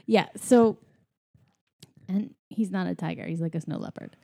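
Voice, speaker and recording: A woman chatting casually about a movie she just watched, retelling its scenes in an animated way. Her voice is mellow and warm, never sharp. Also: on the low side, moderate pace, gravelly. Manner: animated retelling, voicing characters playfully. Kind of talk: casual movie recap chat.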